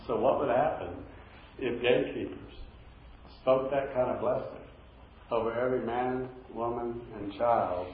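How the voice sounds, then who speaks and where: A man preaching a sermon in a relaxed, conversational way, telling a story and acting out what people said. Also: mid-range voice, measured pace, distant mic, a little hiss or hum. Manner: conversational, retells with acted quotes. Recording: very echoey, dull-sounding room recording.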